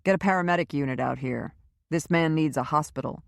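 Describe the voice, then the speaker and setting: A woman voicing a calm, quietly menacing man in an audiobook thriller. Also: medium pitch, moderate pace, gravelly, dry recording, clean studio sound. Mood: firm. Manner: calm, firm, quietly threatening.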